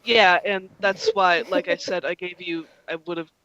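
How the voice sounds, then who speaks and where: A young adult game master narrating a tabletop role-playing game, rambling with many ums and likes. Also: male voice, high voice, level tone, measured pace, pushed and bright, muffled recording.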